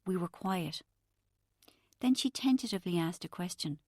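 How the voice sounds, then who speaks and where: Low-voiced woman narrating an audiobook. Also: expressive, moderate pace, darkish tone, dry recording, clean studio sound. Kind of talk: first-person audiobook narration.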